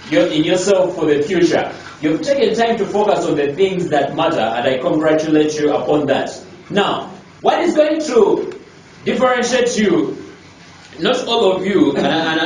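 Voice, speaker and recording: Guy coaching a group, slightly high voice, keeps repeating himself and firing questions, mic far off, lots of echo. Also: a little mellow, a little hiss or hum. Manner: emphatic, repeats key lines, rhetorical questions. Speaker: life coach. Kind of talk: motivational talk to a group. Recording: echoey room, distant mic.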